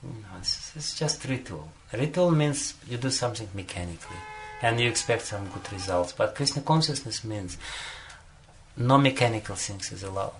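A man's voice: on the low side, animated, moderate pace, a bit bright, slight background noise. A man giving a devotional talk as a spiritual teacher, telling a story and often chuckling between phrases, with frequent "you know" fillers.

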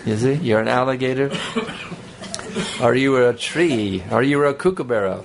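Gravelly-voiced man giving a rambling talk. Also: medium pitch, normal speed, crowd noise. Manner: conversational, rambling, joking asides. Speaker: spiritual teacher. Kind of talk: sermon with audience banter.

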